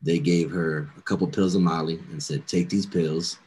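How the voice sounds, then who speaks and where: A young man hosting a casual chat, telling a profane story and loudly acting out what everyone said. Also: low-pitched, normal speed, husky. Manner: profane, animated storyteller, acts out quotes loudly.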